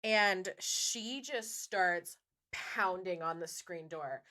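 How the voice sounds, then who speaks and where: A woman hosting a podcast, telling a true-crime story in a casual, chatty way, animated and quick to swear and laugh. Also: lowish voice. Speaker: podcast host.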